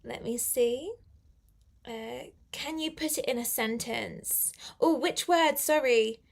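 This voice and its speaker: A woman's voice: a little high, slow, vocal fry. A woman teaching a live online English lesson, chatty and encouraging as she answers viewer comments.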